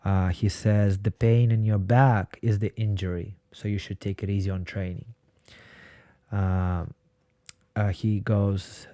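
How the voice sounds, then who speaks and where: Low, flat-voiced man telling his story. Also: a little slow, dry recording. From Ukraine. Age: 20s. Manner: blunt, swears freely while telling his story. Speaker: podcast guest. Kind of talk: casual storytelling.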